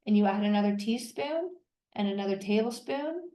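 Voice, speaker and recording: A middle-aged woman hosting a solo podcast, coaching listeners through a calming exercise, tired after a long day of talking. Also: mid-range voice, normal speed, reverberant, rough recording.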